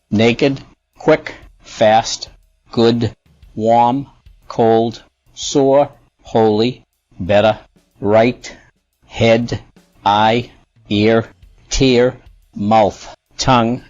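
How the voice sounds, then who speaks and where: A man with a Boston accent reading word lists and a short story, slowly and deliberately. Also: mid-range voice, a little mellow, no room sound, dull audio. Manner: slow, deliberate, one word at a time. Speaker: language sample speaker.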